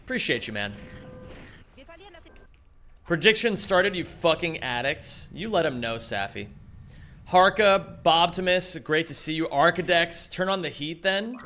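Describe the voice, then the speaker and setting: Guy streaming, bright kinda sharp voice, a bit high, greets chat and swears a lot. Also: expressive, brisk, slight background noise. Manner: chatty, swears casually, greets chat by name. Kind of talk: casual live-stream chat.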